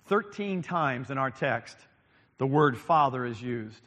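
A man's voice: mid-range voice, a little slow, a bit bright. A man preaching a sermon as pastor, with frequent ums and lines repeated for emphasis. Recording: long reverb of a large hall.

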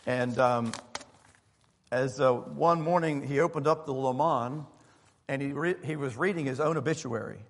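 Pastor, male, mid-pitched voice, easygoing conversational sermon, long hall echo. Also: moderate pace, a little hiss or hum. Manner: conversational preaching with fillers and asides to the congregation. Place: church sanctuary.

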